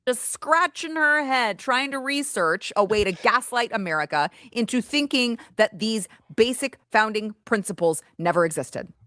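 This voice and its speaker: A woman gives indignant commentary with a sarcastic edge. Her pitch rises and falls in a lively way. The recording is dry and close. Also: moderate pace, hardly any pauses, no room sound. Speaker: online video commentator. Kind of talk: commentary video played on stream.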